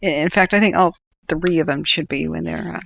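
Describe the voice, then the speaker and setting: Gravelly-voiced woman talking casually. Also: low-pitched, fairly quick, a bit bright. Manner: rambling, opinionated, with many fillers and restarts. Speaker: host. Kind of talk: casual livestream talk. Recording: dull lo-fi audio.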